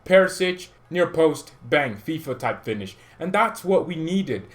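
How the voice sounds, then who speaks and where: A man hosting a fan channel, ranting about his team in an excitable, jokey way with loud outbursts. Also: fairly high pitch, measured pace. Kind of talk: excitable football fan commentary.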